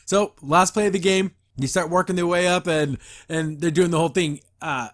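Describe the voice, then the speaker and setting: A man's voice: fairly high pitch, moderate pace, hardly any pauses. A man hosting a podcast, giving a casual, rambling episode review full of enthusiasm and frequent laughs. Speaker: podcast host.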